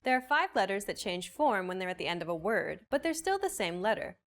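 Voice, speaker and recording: Lively woman narrating a language lesson. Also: mid-range voice, a little fast. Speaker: lesson host.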